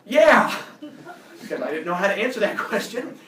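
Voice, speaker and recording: A man casually telling a personal story as a podcast host, animated, acting out quotes with loud jumps. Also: high-pitched, quick pace. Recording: echoey room, mic at a distance.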